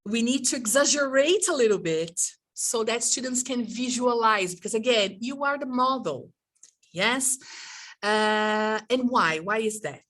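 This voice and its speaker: A woman's voice: a little high, animated, measured pace, fairly bright tone, recorded from a distance. A woman teacher trainer leading an online workshop, demonstrating and exaggerating mouth sounds in an encouraging way, heard over a video call.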